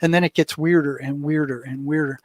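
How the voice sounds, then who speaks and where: A man's voice: fairly high pitch, steady tone, a little fast, no echo. An older man, a guest in an interview, telling a story casually and acting out what people said along the way. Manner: vivid storyteller who acts out what people said. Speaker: interview guest, former prison mental health worker.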